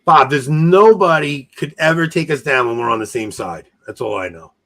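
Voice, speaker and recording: A man's voice: a little high, expressive, moderate pace, a bit bright. A man hosting a casual trivia show over a video call, joking and laughing between the questions he reads out. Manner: jokey, laughs often, reads questions aloud. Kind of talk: casual quiz-show banter.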